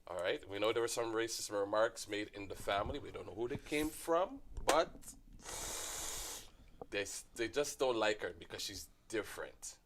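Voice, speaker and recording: A man's voice: fairly low pitch, moderate pace, a crowd in the background. A man hosting an internet radio show, giving his opinions in a casual, emphatic way.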